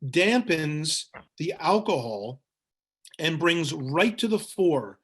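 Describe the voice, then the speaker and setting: A man leading a tasting webinar, talking in a thoughtful, descriptive way and pausing to find the right words. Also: a little high, sing-song, a bit bright, breathy edge. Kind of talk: guided tasting talk. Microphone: webinar mic.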